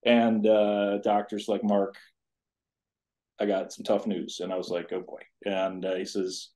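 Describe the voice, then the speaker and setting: A man's voice: fairly low pitch, flat delivery, a little slow, dark tone. A man in his fifties, a college tennis coach, telling a personal story in a podcast interview with an earnest, rambling manner full of asides. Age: 50s.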